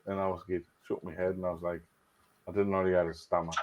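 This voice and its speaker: Low-voiced North East man on a dull call line. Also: level tone, fast talker. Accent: North East England. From North East England. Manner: laughs at his own stories. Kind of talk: casual anecdote on a video call. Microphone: video call. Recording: dull, lo-fi video call audio.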